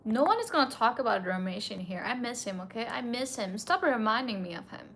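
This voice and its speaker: A woman's voice: a little high, animated, fairly quick, a bit bright, slight background noise. A young woman streaming late at night, a bit tipsy and emotional, tearfully answering her chat in casual talk.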